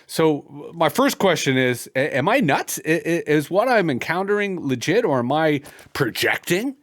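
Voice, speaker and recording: A Canadian man hosts a podcast conversation, his voice swinging widely up and down as he talks. He hams it up, stumbling into quick restarts before landing his point. His voice sits a touch high for a man. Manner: animated and hammy, with stammered restarts. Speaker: podcast host.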